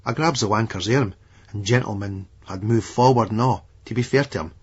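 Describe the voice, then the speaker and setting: A man's voice: on the low side, a little fast, breathy edge. A man with an Edinburgh Scottish accent, narrating a gritty audiobook in a blunt, foul-mouthed first-person way. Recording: dull lo-fi remastered audiobook recording.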